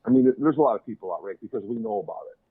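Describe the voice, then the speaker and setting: A man's voice: mid-range voice, rapid-fire, husky, dry recording. A man from a hobby club talking casually and agreeably as a guest on a call-in show. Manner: conversational, agreeable. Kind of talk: casual chat. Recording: tinny dry phone-line call.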